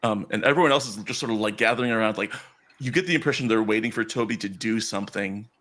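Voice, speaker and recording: A man's voice: fairly low pitch, fast, fairly bright tone. A man running a tabletop game as game master, narrating loosely with lots of "like" and restarts.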